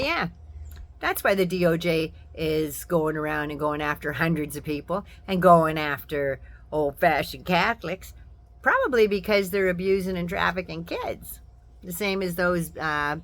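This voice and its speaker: A woman's voice: lowish voice, a bit bright, slight background noise. An older woman vlogger delivering a casual, sarcastic political commentary rant with mocking asides.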